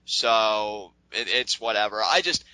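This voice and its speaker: A man co-hosting a casual wrestling recap podcast, talking in an animated, rambling way and laughing often. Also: lowish voice, measured pace, dry recording, poor audio. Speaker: podcast co-host.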